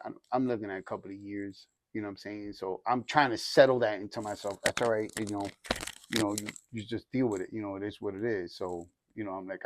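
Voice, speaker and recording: This is a young man from a church group giving testimony, his fairly low voice moving at a quick pace. He recounts his life in an informal, slangy, rambling manner, frequently starting over.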